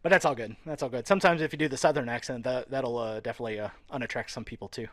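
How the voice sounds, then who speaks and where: A man's voice: mid-range voice, rapid-fire, fairly bright tone, no room sound. A man from the Louisiana area of the US South, co-hosting a podcast, joking and rambling with frequent laughs. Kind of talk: casual podcast chat.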